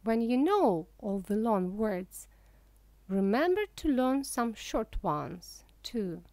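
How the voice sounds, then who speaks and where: A woman narrating a humorous audiobook for English learners, reading in a careful, even way. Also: fairly high pitch, slow, no echo.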